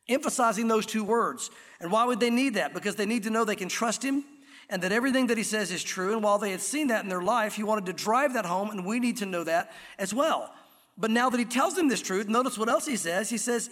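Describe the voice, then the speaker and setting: High-voiced man preaching in a reverberant hall. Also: a bit bright. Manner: earnest, emphatic teaching, slows down on key words. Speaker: pastor. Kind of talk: sermon. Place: church sanctuary. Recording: long reverb of a church hall.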